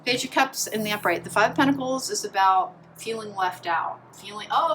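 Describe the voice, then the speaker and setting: A woman's voice: medium pitch, lively intonation, fairly quick, hardly any pauses, fairly bright tone, slight background noise, low-quality recording. A woman doing a pick-a-card tarot reading in a chatty, meandering way, full of restarts and fillers. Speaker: tarot reader.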